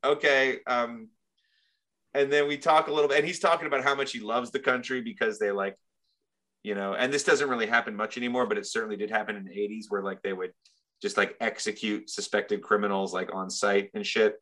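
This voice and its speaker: Man, casual storyteller; bright, forceful voice, rambling and profane. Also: lowish voice, steady tone, fairly quick.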